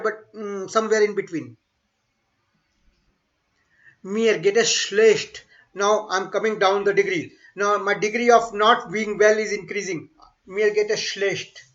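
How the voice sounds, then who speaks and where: High-voiced man teaching slowly. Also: bright, forceful tone. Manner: slow repeated model phrases, mixes English and Hindi. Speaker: German language teacher. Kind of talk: online language lesson. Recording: dull lo-fi online class audio.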